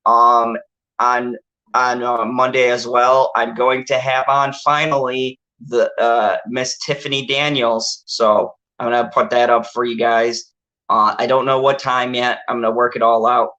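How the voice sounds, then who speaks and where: A man's voice: medium pitch, flat delivery, measured pace, pushed and bright, lo-fi sound. A man hosting a casual movie review chat, rambling and laughing with plenty of filler words. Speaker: channel host.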